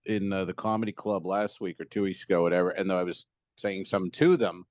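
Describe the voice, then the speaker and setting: A man's voice: sits low, steady tone, fast talker, a little mellow, no echo. A man co-hosting a comedy podcast, telling rambling stand-up stories in casual banter and swearing freely. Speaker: podcast co-host and stand-up comic.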